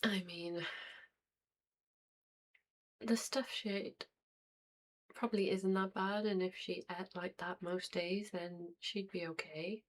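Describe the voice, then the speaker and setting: A woman hosting a reaction video, commenting on clips in an unhurried, dry way and thinking aloud. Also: lowish voice, steady tone. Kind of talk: casual commentary over clips.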